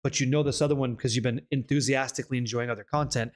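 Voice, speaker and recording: A man from Canada talking bluntly in a casual chat, swearing freely and rambling in quick bursts. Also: medium pitch, steady tone. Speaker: guest content creator.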